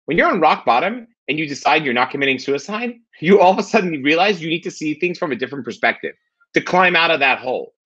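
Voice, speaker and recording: A man in his thirties, a podcast guest, talking quickly in casual chat and often tagging "right?" onto his points. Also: fairly high pitch, breathy edge, muffled recording. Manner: animated, fast, repeats "right?".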